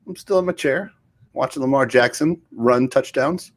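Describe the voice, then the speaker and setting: This is a middle-aged co-host of a laid-back show who rambles along in friendly casual chat. His pitch sits in the middle and his pace is moderate.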